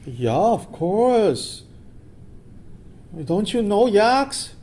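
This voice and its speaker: A man's voice: sits high, big pitch swings, extremely slow, darkish tone, a little hiss or hum, voice pushed up, full character voice. A man voicing an anxious young herder boy who blurts out worried questions.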